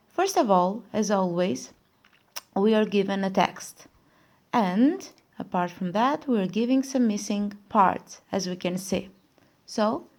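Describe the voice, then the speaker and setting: Slow, mellow-voiced woman teacher. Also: mid-range voice. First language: Albanian. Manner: slow, careful explaining, asks and answers her own questions. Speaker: English teacher. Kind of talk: recorded classroom lesson.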